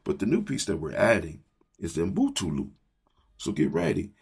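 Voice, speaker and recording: A man's voice: deep voice, wildly swooping pitch, moderate pace, creaky, a little mellow, breathy edge. A man hosting a motivational morning talk, leading his listeners in call-and-response and repeating phrases like a preacher. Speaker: host.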